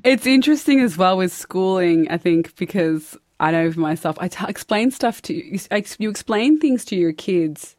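A woman's voice: normal speed, hardly any pauses, no echo, studio quality. A woman with an Australian accent, probably in her thirties, hosting a casual podcast interview and telling stories with lots of expression. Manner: lively, expressive storyteller with big pitch swings. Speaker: podcast host.

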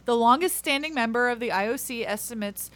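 A woman co-hosting a comedy news podcast, reading headlines aloud with a playful, punning, deadpan teasing manner. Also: fairly high pitch, brisk. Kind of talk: casual comedic chat.

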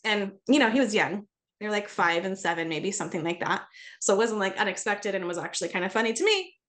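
A middle-aged woman, a parenting coach, chatting on a podcast and telling stories with lively acted-out dialogue. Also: mid-range voice, fast talker. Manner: animated storyteller, acts out dialogue. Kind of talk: casual podcast conversation.

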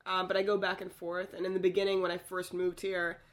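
A woman's voice: lowish voice, completely flat delivery. A woman in her thirties with a Canadian accent, a comedian guest chatting playfully in an interview. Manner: playful, quick jokes and goofy voices. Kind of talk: casual interview chat.

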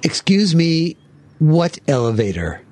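A man's voice: on the high side, very animated, slow pace, noisy background. A man playing a laid-back, sardonic young man. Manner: casual, sardonic. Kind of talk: audio drama acting.

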